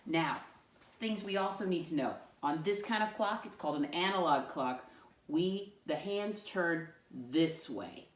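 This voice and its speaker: A woman's voice: fairly low pitch, unhurried. A woman teaching young children, asking patient, sing-song questions. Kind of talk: classroom lesson for young children. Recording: echoey room, mic far off.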